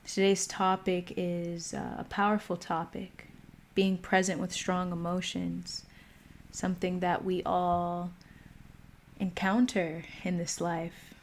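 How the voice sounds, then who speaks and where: A woman hosting a livestream mindfulness talk, speaking calmly and pausing often. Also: lowish voice, a little hiss or hum. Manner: slow, calm, pausing often. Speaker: meditation host. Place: home.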